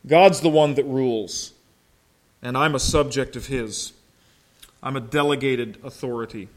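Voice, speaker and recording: A man from Ohio, a pastor with a slow drawl, preaching a sermon and telling folksy stories while quizzing his congregation. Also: medium pitch. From Ohio, United States. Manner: folksy storytelling, asks the congregation questions.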